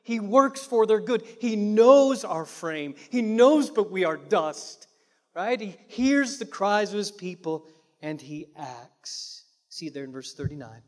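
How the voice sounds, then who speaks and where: A male pastor delivers a sermon in a fairly high voice. He talks dramatically, pushing some phrases loud and dropping others almost to a hush. His voice rings out with a long reverb tail from a large hall. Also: animated, slow. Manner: dramatic, swinging from loud emphasis to hushed near-whispers.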